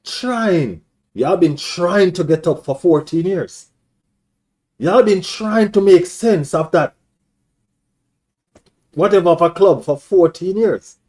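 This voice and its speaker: A man's voice: high-pitched, expressive, takes it slowly, long pauses, a little mellow. A man hosting a live stream, ranting as a football fan in an emphatic, repetitive, taunting way.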